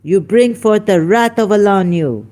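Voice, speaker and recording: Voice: medium pitch, expressive, normal speed, dark tone. A speaker hosting a heated religious debate, scolding a caller with emphatic rhetorical questions and sounding angry. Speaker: online debate host.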